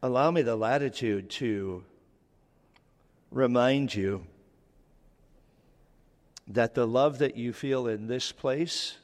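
A man's voice: mid-range voice, takes it slowly, long pauses. A middle-aged man, a pastor, preaching a sermon in a loose, joking, conversational way, often restarting his sentences. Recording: long hall reverb.

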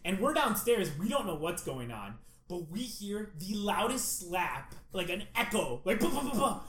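A young man telling a lively anecdote in casual chat, peppered with "like" and loud acted-out quotes. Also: sits high, measured pace. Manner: excitable storytelling, lots of "like", acts out quotes loudly. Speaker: storyteller in a group chat. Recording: echoey room.

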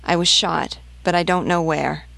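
A woman's voice: on the low side, fairly even intonation, normal speed, creaky, a bit bright, no room sound. Woman reading as a desperate peasant mother. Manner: pleading, insistent. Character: desperate peasant mother searching for stolen children.

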